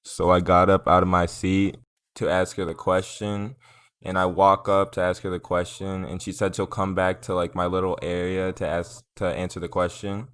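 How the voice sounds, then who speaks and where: A man's voice: low-pitched, level tone, normal speed, fairly bright tone, smooth, no echo. A young man telling a story in a casual, rambling way, swearing and filling it with "like" and "um". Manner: rambling, profane, filler-heavy. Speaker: vlogger.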